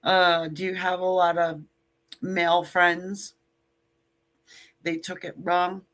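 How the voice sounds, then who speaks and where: This tarot reader speaks to camera in a lowish, fairly bright voice with a flat delivery and slow pace. Her casual reading is blunt and joking, sprinkled with sassy asides and offhand swearing.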